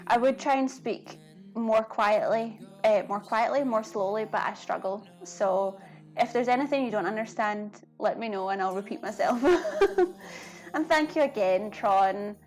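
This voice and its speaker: A woman's voice: medium pitch, measured pace, faint music behind. A woman chatting casually to her viewers during a live cooking stream, giggling often.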